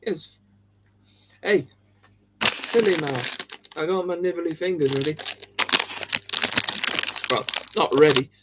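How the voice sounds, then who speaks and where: A man's voice: a little high, slow, pauses often, heavy background noise. A man hosting a livestream, chatting casually with viewers in a jokey, giggly way. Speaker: livestream host.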